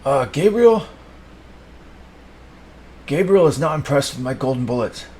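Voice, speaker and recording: A man improvising an absurd, profanity-laced comedy monologue, rambling and swinging between mumbles and sudden shouts. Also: medium pitch, fast talker.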